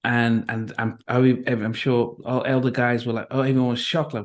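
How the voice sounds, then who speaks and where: A middle-aged man from Nigeria hosting an interview, speaking reflectively with many restarts and pauses. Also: medium pitch, little pitch movement. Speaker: interview host. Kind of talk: conversational interview.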